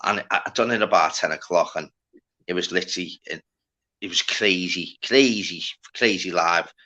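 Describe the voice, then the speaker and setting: A man's voice: low-pitched, normal speed, bright, forceful tone. A man with a Liverpool accent hosting a live panel, telling rambling, sweary stories with lots of fillers. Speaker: livestream host. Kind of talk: casual panel chat.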